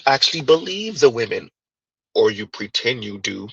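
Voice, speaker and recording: A man hosting his own commentary channel, talking in an animated, emphatic way and repeating his points as he reacts to a clip. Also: mid-range voice, normal speed, gravelly, husky, no echo, muffled recording.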